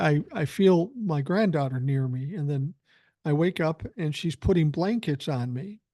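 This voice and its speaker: A man in his sixties, his voice mellow and on the high side, hosts a podcast and tells a rambling, chatty story packed with filler words while feeling unwell. The recording is clean studio sound with no echo.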